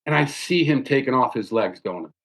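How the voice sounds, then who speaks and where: A man hosting a podcast, telling a story in an animated, casual way and often tacking "man" onto his sentences. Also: mid-range voice, moderate pace. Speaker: podcast host.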